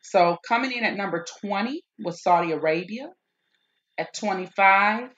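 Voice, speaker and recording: A woman's voice: medium pitch, moderate pace, fairly bright tone, dull audio. A woman hosting a live-stream explainer, working methodically through a list of figures with frequent checks of "okay?". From United States. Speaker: host.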